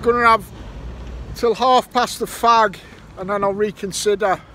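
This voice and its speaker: Vlogger, male, high bright voice, slow and sweary, with traffic faint behind him. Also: fairly even intonation. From Ireland. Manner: sweary, grumbling, improvises rhymes. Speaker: metal detecting vlogger. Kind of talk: casual vlog monologue. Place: outdoors by a roundabout near a petrol station. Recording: faint traffic noise outdoors. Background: passing traffic.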